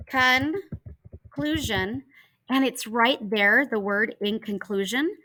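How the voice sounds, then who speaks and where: A woman's voice: a little high, sharp tone, low-quality recording. A woman teacher giving a patient online writing lesson to children from home, spelling out letters and steps aloud into a laptop mic. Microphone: laptop computer mic.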